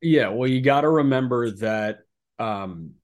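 A man co-hosting a casual sports podcast in a mid-range voice. He jumps from easy chatter to loud disbelief and leans on fillers as he goes. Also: medium pitch, a little slow. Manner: animated, incredulous outbursts, many fillers. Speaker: podcast co-host. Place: apartment.

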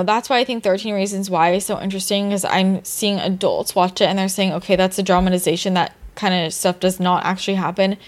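In an echo-free recording, a young adult podcast host speaks in a mid-range voice through a rambling, heartfelt monologue about her own life. She curses without hesitation and grows increasingly heated.

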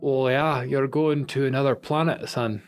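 A man's voice: medium pitch, fairly even intonation, normal speed, soft background music, voice pushed up, lightly acted. A man voicing a friendly, sympathetic older Scottish villager in a tabletop game.

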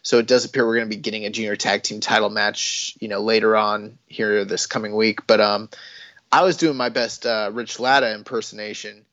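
A man's voice: on the low side, steady tone, fairly quick, a bit bright, no echo, dull audio. A man co-hosting a casual wrestling podcast, talking in rambling runs full of fillers and restarts. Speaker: podcast co-host.

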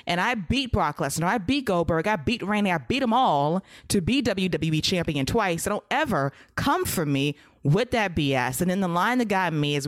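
A woman co-hosting a podcast, giving a casual wrestling recap and acting out promos with lively energy. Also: lowish voice, moderate pace, hardly any pauses, no echo, studio quality. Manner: animated, acts out wrestler promos. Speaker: podcast co-host.

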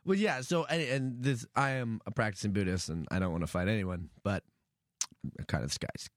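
A man telling a heated story in casual chat, animated and full of swearing. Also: fairly low pitch, normal speed, no room sound, clean studio sound. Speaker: podcast guest.

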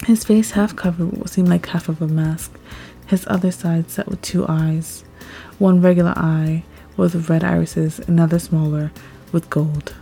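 A woman reading a first-person story aloud, expressive and rising at tense moments. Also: lowish voice, a little slow, creaky. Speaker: story narrator. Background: faint background music.

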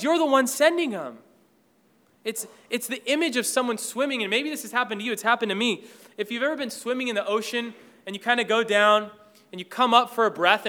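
Bright high-voiced male preacher. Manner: earnest, swells louder when quoting scripture and drops low when reflecting. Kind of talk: sermon.

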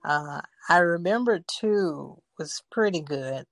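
A woman's voice: low voice, takes it slowly, creaky, dry recording, rough recording. A woman chatting casually about movies, laughing often and acting out her own reactions. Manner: giggly, animated, acts out her reactions.

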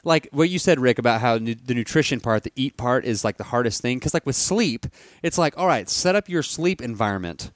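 A man co-hosting a podcast who jokes around and talks in fast, playful bursts. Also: mid-range voice, animated, no echo, studio quality. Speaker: podcast co-host. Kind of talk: casual podcast interview.

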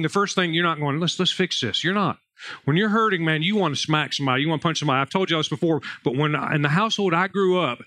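A man preaching a sermon, telling Bible stories and family anecdotes in a casual, conversational way. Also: on the high side. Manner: conversational, animated storytelling with raised voice in anecdotes. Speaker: pastor.

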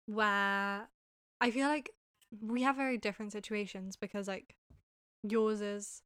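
A woman's voice: medium pitch, fairly even intonation, measured pace, fairly bright tone, clear, resonant tone, no echo, clean studio sound. A young woman co-hosting a podcast, talking casually with many filler words. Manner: chatty, heavy on filler "like". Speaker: podcast co-host. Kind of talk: casual chat.

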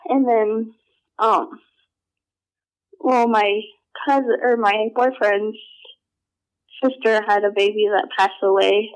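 A young adult woman telling personal stories in a casual, halting way, full of filler words and restarts. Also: medium pitch, fairly even intonation, rough recording. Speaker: storyteller.

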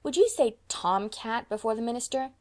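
A woman's voice: fairly high pitch, moderate pace, voice pushed up, close to an everyday voice. A woman voicing a prim, proper little girl in an audiobook reading. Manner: prim and lofty.

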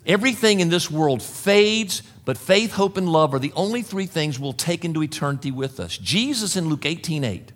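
A man's voice: fairly high pitch, sharp tone. A middle-aged man preaching a sermon to a congregation, earnest and direct, often calling his listeners "folks". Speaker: pastor.

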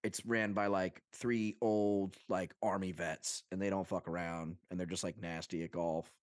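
A young man from Long Island talks in a fairly low voice, co-hosting a casual podcast. He is animated and jokey, swearing freely. The sound is dry and close. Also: moderate pace, no echo. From Long Island, New York. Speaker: podcast co-host. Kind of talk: casual chat.

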